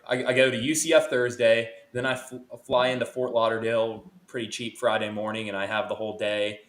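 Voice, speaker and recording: A man's voice: medium pitch, a bit bright. A man guesting on a podcast, previewing a college football game and reeling off stats and records, correcting himself as he goes. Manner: stat-heavy, self-correcting. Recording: roomy echo.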